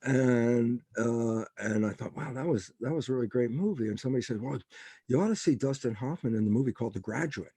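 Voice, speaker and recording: A man's voice: medium pitch, brisk, warm tone, slightly rough, no room sound. An older man, a guest biologist on a podcast interview, telling stories with animation and acting out quoted dialogue. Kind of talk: interview conversation.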